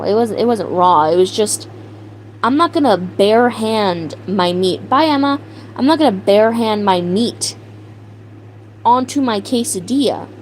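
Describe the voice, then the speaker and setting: A young woman hosting a livestream, telling a story in a casual, animated way with mock outrage and laughter, answering her chat. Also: medium pitch, slight background noise, poor audio. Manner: animated, exaggerated outrage, laughing, reads chat names aloud. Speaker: livestream host.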